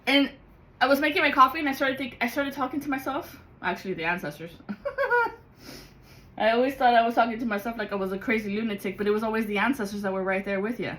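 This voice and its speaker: A woman giving a rambling, excitable spiritual vlog monologue as a card-reading guide, swearing freely. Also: fairly high pitch, fast, rough recording.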